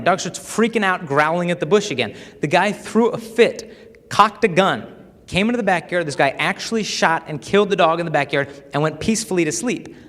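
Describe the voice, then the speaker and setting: A young man giving a humorous talk to a live audience, telling stories with animation and acting out the voices of the people in them. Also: fairly high pitch. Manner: animated storytelling, acts out quoted voices. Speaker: speaker addressing a live audience. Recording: echoey hall.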